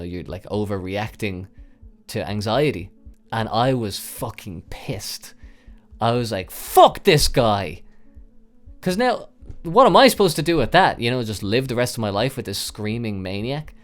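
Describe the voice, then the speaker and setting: A young man hosting a podcast, telling a long personal story in a rambling way, with frequent fillers and swearing. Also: lowish voice. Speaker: podcast host. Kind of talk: storytelling monologue.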